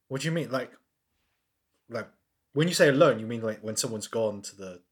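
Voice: medium pitch, animated, normal speed. A podcast co-host in casual chat who pushes back with questions and leans on "like" a lot. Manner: questioning, uses "like" as filler a lot.

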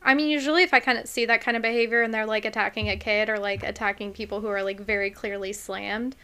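A woman's voice: mid-range voice, fairly even intonation, quick pace, sharp tone, smooth. A woman co-hosting a casual podcast, speaking her mind bluntly. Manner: blunt, opinionated. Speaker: podcast co-host.

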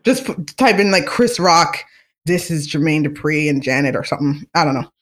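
A podcast host gossiping casually about celebrities, chatty and animated, with lots of fillers and restarts and easy laughter. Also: medium pitch, a little fast.

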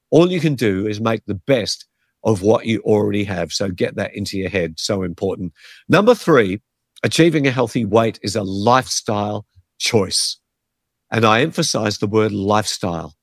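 A man's voice: fairly low pitch, no room sound. Man, pastor, earnest conversational teaching, dry close-miked sound. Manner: earnest, conversational, gives numbered points. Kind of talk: podcast teaching on faith and health.

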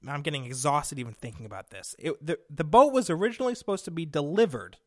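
A young adult radio host from Connecticut tells a long, casual story into a studio microphone, his fairly high voice moving fast with lively intonation. He uses fillers and grows more exasperated as he goes, and the recording has no room sound.

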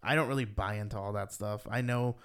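A man's voice: brisk, smooth. A man co-hosting a podcast, chatting casually and rambling with lots of "like", his voice rising when he gets worked up. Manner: rambling, heavy use of "like", rises in pitch when animated. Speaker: podcast co-host. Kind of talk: casual chat.

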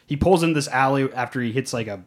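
A man's voice: medium pitch, quick pace. A man co-hosting a podcast, casually recapping a movie scene by scene and filling his talk with "like". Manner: rambling, fills with "like". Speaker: podcast co-host.

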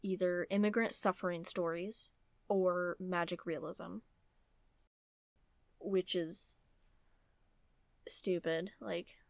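A young woman talking casually about a novel, animated and ranting, with many fillers like "like" and "um". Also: on the low side, slow pace, creaky, pauses often, no echo. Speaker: book vlogger. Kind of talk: casual opinionated book talk.

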